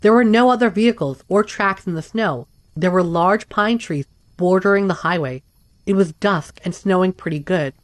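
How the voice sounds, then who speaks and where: Low-voiced woman narrating, dry sound. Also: moderate pace, dry recording. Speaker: story narrator. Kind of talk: scripted narration of first-person accounts.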